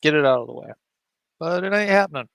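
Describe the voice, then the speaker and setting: A man's voice: fairly high pitch, expressive, fast, vocal fry, fairly bright tone, smooth, dry recording, poor audio. A man hosting a stream, adding casual, dry and mocking commentary. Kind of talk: casual commentary on a played clip.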